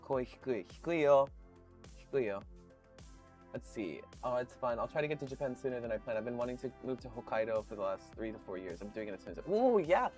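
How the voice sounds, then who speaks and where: A man's voice: mid-range voice, quick pace, a little mellow, faint music behind. A man streaming live, chatting casually and reading out viewer comments, swearing freely and laughing often.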